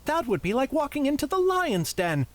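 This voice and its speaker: A man puts on a young noblewoman from a read-aloud fantasy novel, her voice pushed well up in pitch. She sounds emphatic and alarmed, her lines lifting and swooping. The pitch leaps around a great deal. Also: big pitch swings, normal speed, slight background noise.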